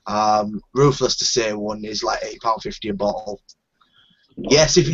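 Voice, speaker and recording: A show host from northern England, with a mid-range and slightly bright voice, runs a casual live group chat, speaking bluntly and swearing freely. The audio comes from a video call and sounds dull and lo-fi.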